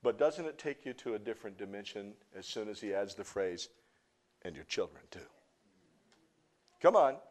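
A middle-aged male pastor preaching to a congregation, swinging from soft, hushed teaching to loud, impassioned outbursts and joking with the crowd. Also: lowish voice, expressive, moderate pace, long pauses. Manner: jokes and teases the congregation. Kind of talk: sermon. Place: church before a live congregation.

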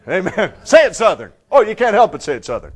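A man preaches a sermon to a live congregation in a voice pitched a little above the usual male range. He swings from loud, emphatic bursts down to hushed, low lines. He keeps firing rhetorical questions at his listeners. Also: very animated, quick pace, husky. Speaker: pastor.

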